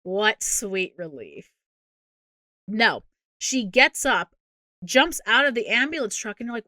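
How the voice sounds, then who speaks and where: Woman podcast co-host, bright and forceful, dry close sound, animated plot recap, swears freely. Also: medium pitch, moderate pace, no echo. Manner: animated storytelling, exasperated, swears a lot. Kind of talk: casual movie recap chat.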